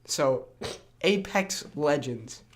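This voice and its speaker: Young man, slightly high voice, podcast co-host, rambling, stumbling casual talk. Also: lively intonation, drawn-out words. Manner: rambling, full of ums and restarts. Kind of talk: casual chat.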